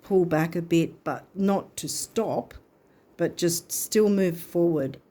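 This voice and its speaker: A woman's voice: fairly low pitch, slow, warm tone. A woman giving a casual astrology and card reading, chatty and thinking aloud with hesitations.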